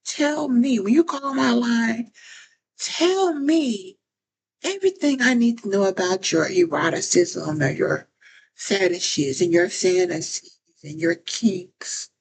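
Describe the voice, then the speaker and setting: A woman's voice: fairly high pitch, slight background noise, low-quality recording. A woman giving casual talk-to-camera advice as a phone chat operator, often repeating phrases and restarting sentences.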